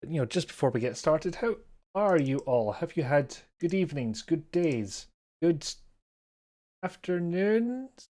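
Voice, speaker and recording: Speaking slowly with long pauses, this Scottish man has a slightly high, mellow voice with big swings in pitch. A game streamer at his home desk microphone, he chats casually to viewers, rambling, self-deprecating, and frequently chuckling.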